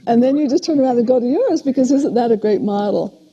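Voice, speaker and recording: An older woman, a parent educator, giving a steady, explanatory lecture on parenting in a recorded talk. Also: fairly high pitch, fast talker, slightly rough. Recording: dull lo-fi video playback.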